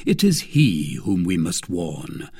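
A man's voice: deep voice, big pitch swings, takes it slowly, darkish tone, slightly rough, pitched below the performer's own voice, exaggerated voice. A man voicing a dry-witted, weary male musketeer in a storybook reading, speaking wryly and with command.

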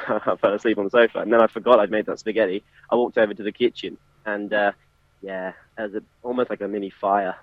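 A fast-talking man from England comes through a dull, muffled phone speaker, with a lowish voice. His accent carries some Australian tinge. He tells stories in a chatty, laughing way, and the sound is dry and close. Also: steady tone, dry recording. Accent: English, with some Australian. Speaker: podcast guest on a phone call. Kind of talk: casual chat. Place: working in a café. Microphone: phone speaker on a call.

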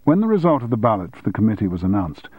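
A man reads a novel aloud in a measured, steady narration, his voice low and slightly husky. The recording is dry and close, with a dull, muffled top end. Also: no room sound. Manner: measured, even storytelling. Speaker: audiobook narrator. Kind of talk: scripted audiobook narration.

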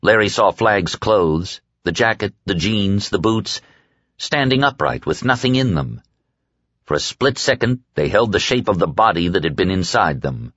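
A man reading an audiobook with deliberate, dramatic storytelling. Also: lowish voice, animated, a bit bright, no room sound, dull audio. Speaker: audiobook narrator. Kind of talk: scripted narration.

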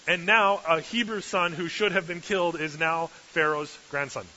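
A man's voice: on the high side, fairly even intonation, moderate pace, sharp tone. A male preacher giving a sermon with humorous, sarcastic asides, in a dull lo-fi recording with hiss.

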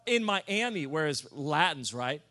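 A man with a high, bright-toned voice preaches to a room. He tells self-mocking stories in an animated way and breaks into loud comic shouts. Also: unhurried. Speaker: pastor. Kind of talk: sermon storytelling. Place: church or conference room.

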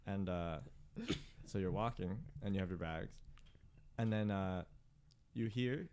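A man's voice: sits low, a little slow, darkish tone, smooth. A man hosting a podcast, telling an improvised comic story in a rambling way, full of fillers and sudden outbursts.

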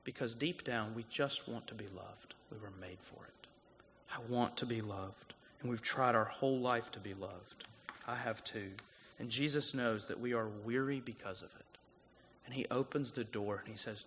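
A male guest pastor giving a sermon, telling stories and swinging from loud urgent passages to soft quiet ones. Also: medium pitch, moderate pace, slight background noise. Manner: storytelling, rising to loud urgent passages then dropping soft. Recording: long hall reverb.

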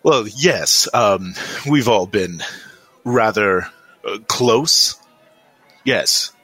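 Flustered bodyguard stammering cover stories, voiced by a man game master, low and husky. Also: expressive, very slow, fairly bright tone, faint music behind, full character voice. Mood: evasive. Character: nervous evasive nobleman bodyguard, adult man.

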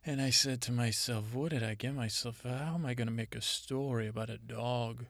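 A man improvises a comedy monologue as a self-important, rambling female Mother Nature spirit, delivering halting, deadpan stories. The recording has no room sound, and his medium-pitched voice carries vocal fry.

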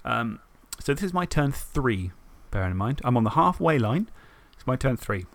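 A man on a podcast, telling the story of a tabletop game match in a lively way, swearing and acting out his own thoughts. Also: mid-range voice, normal speed, creaky, no echo. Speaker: podcast co-host. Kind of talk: casual tabletop game recap.

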